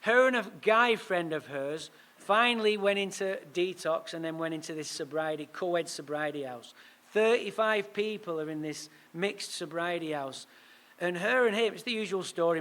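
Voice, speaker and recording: High-voiced man telling a recovery story. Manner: animated, punchy storytelling with quick asides. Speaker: speaker at a recovery meeting. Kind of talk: storytelling talk.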